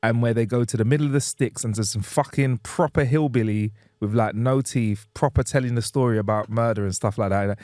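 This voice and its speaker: A man co-hosting a podcast in casual chat, animated and jokey, laughing often and using slang. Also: mid-range voice, a little fast, few pauses, dry recording. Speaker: podcast co-host.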